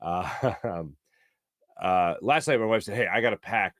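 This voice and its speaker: A man's voice: on the low side, expressive, normal speed, no echo, clean studio sound. A man hosting a sports talk show, chatty and jokey, often laughing. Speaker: sports radio host.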